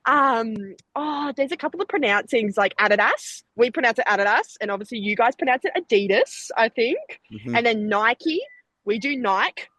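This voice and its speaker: Chatty Australian woman, bright voice. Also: fairly high pitch, lively intonation, dry recording, poor audio. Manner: chatty, laughs often, fast bursts. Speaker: Olympic sprinter, guest. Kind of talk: casual interview chat.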